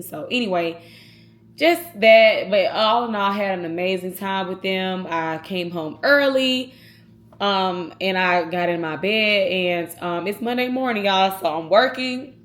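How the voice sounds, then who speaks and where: A woman talks to her viewers in a casual vlog. Her voice sits a little low, and she speaks earnestly and from the heart, addressing them directly. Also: normal speed. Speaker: vlogger.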